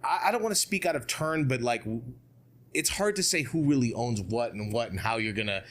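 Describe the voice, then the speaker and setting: A man guest on an interview podcast, talking in a casual, animated way, full of rhetorical questions and asides. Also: medium pitch, brisk. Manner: animated, asks rhetorical questions, frequent "you know what I mean".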